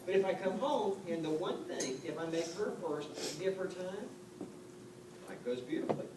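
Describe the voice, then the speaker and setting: A man's voice: high-pitched, lively intonation, moderate pace. Joking man in his fifties in an echoey room. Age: 50s. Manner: conversational and joking, full of rhetorical questions. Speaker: real estate coach speaking to an audience. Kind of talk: live motivational seminar talk. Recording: echoey room, distant mic, noticeable background noise.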